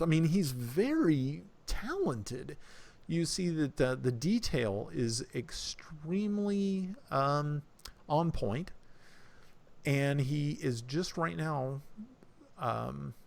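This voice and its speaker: A man's voice: on the high side, very animated, slow, gravelly, a little mellow. A man narrating as game master of a tabletop game, hesitant, with many fillers and restarts.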